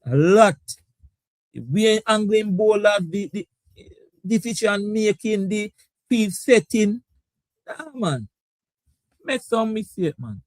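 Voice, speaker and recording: A man's voice: high voice, lively intonation, slow, pauses often, darkish tone, no room sound. A man hosting a casual live sports talk stream. He laughs often and reads out viewer comments. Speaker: sports talk show host.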